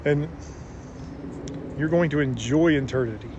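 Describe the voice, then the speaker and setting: A man's voice: medium pitch, unhurried, background noise. A man giving an earnest, casual religious talk, retelling Bible stories with frequent restarts. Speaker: religious speaker.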